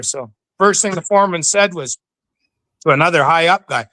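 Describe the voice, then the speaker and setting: A middle-aged man from western Canada tells stories as an interview guest, lively and chatty, and he often slips into other people's voices. His voice is a little high and bright, with a forward edge. The sound is close and dry. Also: moderate pace, dry recording. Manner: animated storyteller who acts out the voices. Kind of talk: casual storytelling.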